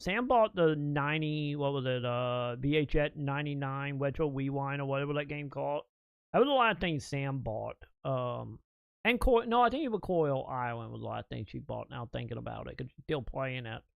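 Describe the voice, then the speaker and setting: A man's voice: a little high, gravelly, clear, resonant tone, dry recording, highs cut off. Profane rambling male streamer, dry close mic. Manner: profane, rambling, laughing storyteller. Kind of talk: casual storytelling to chat.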